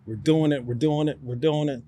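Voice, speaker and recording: Lively New man telling stories. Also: fairly high pitch, brisk, noisy background. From New York. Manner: lively, acts out quotes. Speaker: guest, actor. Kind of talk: animated storytelling.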